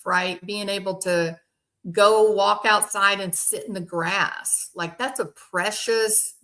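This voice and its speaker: A woman's voice: mid-range voice, pushed and bright. A woman hosting casual true crime commentary, bluntly and indignantly answering viewers by name. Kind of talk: casual commentary reacting to chat.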